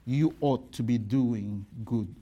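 A man's voice: mid-range voice, dark tone, husky, lo-fi sound. A man preaching a Sunday sermon to his congregation and online viewers, stressing words and drawing out line ends. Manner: slow, emphatic preaching with drawn-out words and dropping line ends. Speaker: pastor. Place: church service streamed online.

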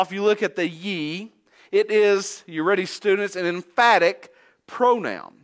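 A male preacher delivers a sermon in a high-pitched voice. He speaks slowly and earnestly, leaning on repetition to drive each point home. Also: fairly bright tone. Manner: earnest, emphatic repetition, occasional restarts.

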